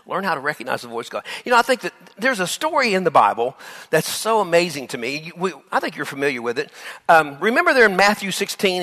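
A male pastor preaching a sermon, acting out Bible scenes with laughter and asides to the congregation. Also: high-pitched. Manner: animated, acts out Bible dialogue with laughs.

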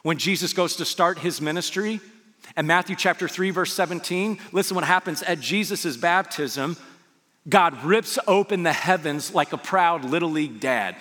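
A man's voice: on the high side, normal speed, sharp tone. A man preaching as a pastor, talking to his listeners conversationally and asking them rhetorical questions. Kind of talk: sermon. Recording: long hall reverb.

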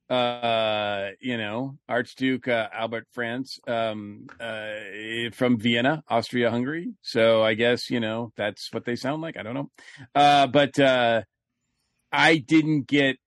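A man chatting casually on a review podcast, rambling and restarting his sentences. His voice sits at an ordinary middle pitch. The sound is dry and close, with no room around it. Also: slow pace, a bit bright, dry recording. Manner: rambling, many fillers and restarts. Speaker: podcast co-host.

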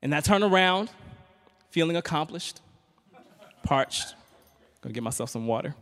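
A man's voice: fairly high pitch, expressive, normal speed, fairly bright tone. Man doing stand-up in a reverberant hall. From Richmond, Virginia. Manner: conversational, teasing the audience with frequent "right?". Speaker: comedian and spoken-word poet. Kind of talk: stand-up comedy storytelling. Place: stage in a hall. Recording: long reverb of a performance hall.

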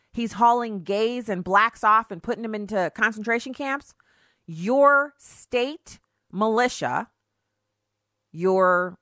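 Animated woman talk radio host. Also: medium pitch, no room sound, clean studio sound. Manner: animated, mocking, mimics opponents in sing-song voices. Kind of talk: opinionated talk radio commentary.

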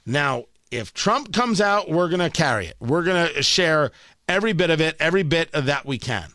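A man hosting a political talk radio show, delivering an animated, sarcastic monologue into a studio microphone. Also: on the high side, normal speed, dry recording. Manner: animated, excitable, sarcastic asides.

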